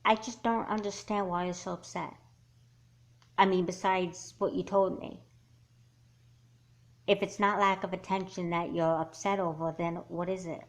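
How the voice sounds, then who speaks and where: A woman voicing a calm, blunt teenage girl in a doll movie, asking pointed questions in a level way. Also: fairly low pitch, moderate pace, pauses often, lightly acted. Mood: probing.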